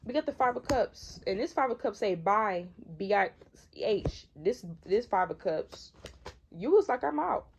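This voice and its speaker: A woman's voice: mid-range voice, animated, unhurried, a little hiss or hum. A woman in her twenties from Michigan giving a casual, slangy tarot reading, repeating herself for emphasis. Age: 20s. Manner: conversational, repetitive, slangy, emphatic. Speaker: tarot reader.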